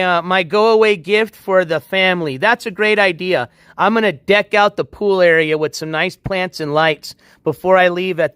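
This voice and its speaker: On a nighttime livestream from beside his backyard pool, a man with a high voice talks casually, wandering from topic to topic and chuckling often. Picked up close on a handheld phone, the audio is dry with no echo, and his tone is a bit bright and clean.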